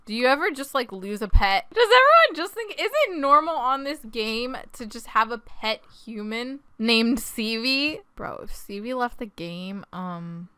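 A young woman giving casual, excitable gameplay commentary, often breaking into shrieks and laughter. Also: a little high, measured pace, hardly any pauses, clean tone, no echo. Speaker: gaming YouTuber.

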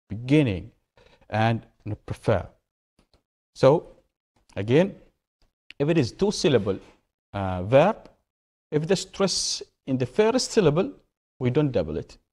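Lively-voiced male English teacher. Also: mid-range voice, measured pace, pauses often. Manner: repeats key words and asks questions to the class. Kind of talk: classroom grammar lesson.

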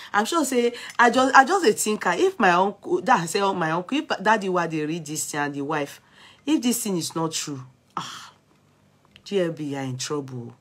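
A young Nigerian woman with an accent, excitedly recounting gossip on her vlog and switching between Pidgin and Yoruba. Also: fairly low pitch, moderate pace, husky. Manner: excitable, mixing Pidgin and Yoruba, laughing asides. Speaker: gossip vlogger. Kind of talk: animated gossip commentary.

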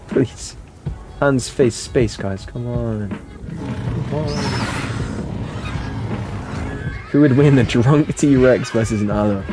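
A man streaming a game live, playfully teasing and reading out chat messages. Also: medium pitch.

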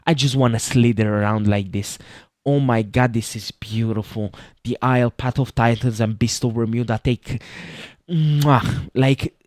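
A man giving excited let's-play commentary, gushing about a game, gasping and laughing, swinging from loud to soft. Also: medium pitch, unhurried, dry recording, studio quality. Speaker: gaming youtuber.

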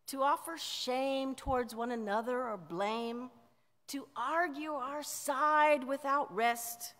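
A woman pastor preaching a sermon in a measured way, often letting line endings drop softly. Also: sits high, expressive. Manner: slow, measured preaching with soft dropped endings. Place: church sanctuary. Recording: church sanctuary with long reverb.

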